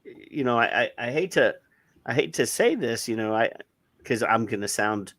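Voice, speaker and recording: A man reads news aloud on a casual podcast, breaking off into blunt, rambling asides and frequent restarts. His voice sits at an average pitch and is recorded dry and close to the mic, with no room sound. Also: expressive, moderate pace, a bit bright, dry recording. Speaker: podcast co-host. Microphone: headphones and studio mic.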